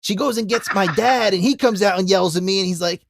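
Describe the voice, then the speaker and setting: A young man hosting a wrestling podcast, telling stories in a loud, profane, casual way. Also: high-pitched, quick pace, vocal fry, few pauses, dry recording, clean studio sound. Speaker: podcast host. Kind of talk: casual chat.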